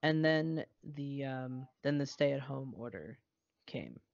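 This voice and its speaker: A man's voice: medium pitch, expressive, takes it slowly, vocal fry, no room sound. A man co-hosting a podcast, blunt and sarcastic and swearing freely, recorded over an internet call. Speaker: podcast co-host. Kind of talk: casual chat. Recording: muffled dry call recording.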